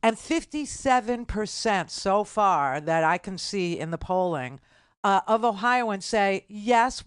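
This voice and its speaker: Older woman talk radio host, sarcastic and indignant, mid-pitched, dry close mic. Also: smooth, no room sound. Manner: indignant, sarcastic, rapid asides. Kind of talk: political talk radio monologue.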